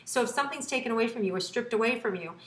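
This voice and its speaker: A woman's voice: on the high side, expressive, racing. Woman doing a chatty star sign forecast, reassuring, bit of room echo and faint hum behind. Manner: chatty, reassuring, frequent fillers and restarts. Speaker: astrologer. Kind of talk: astrology forecast to camera.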